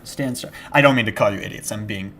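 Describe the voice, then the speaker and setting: A young man chatting casually on a live gaming stream, rambling and restarting his sentences, with bursts of shouted panic. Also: fairly low pitch, quick pace. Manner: rambling and self-interrupting, with sudden shouted panic at scares. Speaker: game streamer. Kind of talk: casual live-stream chat while playing. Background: background music.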